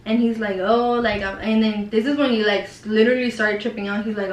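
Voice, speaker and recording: A woman's voice: mid-range voice, steady tone, fairly quick. Chatty young woman, roomy distant sound. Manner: casual and profane, heavy use of "like" and "dude". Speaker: vlogger. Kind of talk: casual storytime. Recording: roomy echo, a bit far from the mic.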